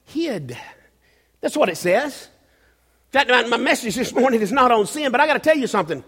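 A man's voice: very high-pitched, big pitch swings, fairly bright tone, breathy edge. A male pastor delivering a sermon in a church, searching for words with restarts and rising into emphatic bursts. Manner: preaching, often halting and restarting, with bursts of raised emphasis. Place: church sanctuary. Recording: long hall reverb.

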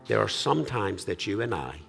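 Low gravelly church pastor, earnest, kinda halting, soft music under him. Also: male voice, sing-song. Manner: earnest, halting with restarts and fillers. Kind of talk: sermon and farewell prayer. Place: church sanctuary.

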